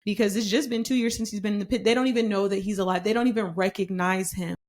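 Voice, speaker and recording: A woman hosting a podcast Bible study, teaching in a conversational, emphatic way and reading scripture slowly and deliberately. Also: medium pitch, fairly even intonation, darkish tone.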